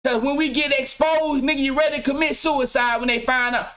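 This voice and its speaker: High-voiced man ranting profanely. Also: fairly even intonation, a little fast. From Mississippi, US. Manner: profane, preachy, bursts into shouting. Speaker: podcast host. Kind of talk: casual livestream rant. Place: home game room.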